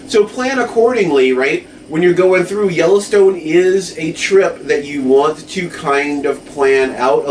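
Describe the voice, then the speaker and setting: A man co-hosting a podcast in casual chat, rambling with lots of fillers and tag questions. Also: on the high side. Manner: rambling, full of fillers and "right?". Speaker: podcast co-host. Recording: echoey room, mic at a distance, faint noise.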